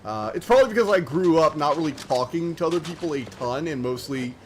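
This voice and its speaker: A man streaming a game, chatting casually and rambling, talking fast and slurring his words together. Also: fairly high pitch, expressive, slight background noise. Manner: chatty and rambling, many fillers. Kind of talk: casual live-stream chat while gaming.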